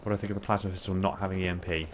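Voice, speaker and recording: A man's voice: sits low, fairly even intonation, very fast. A man streaming a video game, chatting casually to viewers with lots of fillers while he plays. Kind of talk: casual gaming commentary. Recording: game gunfire noise behind voice. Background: game gunfire and sound effects.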